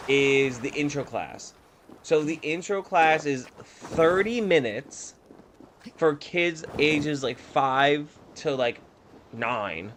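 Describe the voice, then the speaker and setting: Campy, animated young man telling stories. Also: fairly high pitch, a little hiss or hum. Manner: animated, campy, profane storyteller. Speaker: streamer. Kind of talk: casual storytelling while gaming.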